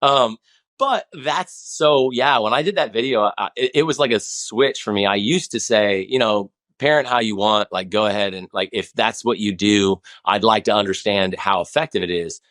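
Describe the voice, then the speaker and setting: A man's voice: on the low side, moderate pace, fairly bright tone. A man in his forties, a guest on a podcast, talking in a rambling, passionate way with many restarts. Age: 40s. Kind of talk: casual conversation.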